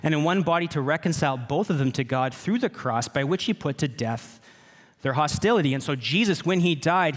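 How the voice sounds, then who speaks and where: A man in his thirties, a pastor preaching a sermon in an earnest, personal way. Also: on the high side. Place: church sanctuary. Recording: reverberant church hall.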